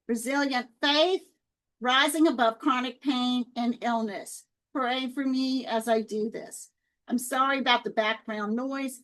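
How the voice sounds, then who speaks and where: A woman talking casually to her viewers, telling faith stories in a chatty, lively way. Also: sits high, rough recording. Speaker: Christian author and video host.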